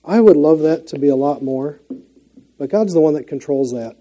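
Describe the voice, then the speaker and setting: A man's voice: on the high side, expressive, moderate pace, warm tone, highs cut off. A middle-aged man with a Minnesota accent gives an earnest, conversational sermon as a guest preacher, with frequent fillers and restarts.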